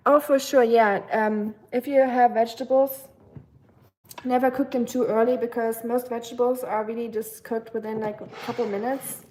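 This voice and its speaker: A woman's voice: on the high side, steady tone, normal speed, a little mellow. A woman from Germany with a German accent, chatting casually on a livestream while cooking in her kitchen, with loose talk full of fillers. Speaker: livestream host. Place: home kitchen.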